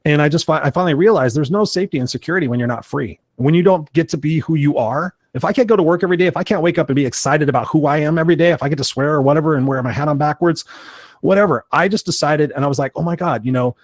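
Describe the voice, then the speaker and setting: A man in his fifties telling his life story as a guest in an interview, animated, acting out other people's lines and swearing casually. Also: on the high side, no room sound, studio quality. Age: 50s. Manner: fast, animated storytelling, acts out voices of others.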